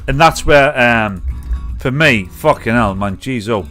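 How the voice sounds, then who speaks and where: A man's voice: mid-range voice, animated, measured pace, bright, forceful tone, soft background music. A tipsy man hosting a live comedy show, rambling, swearing and laughing at his clips. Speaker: livestream comedy host.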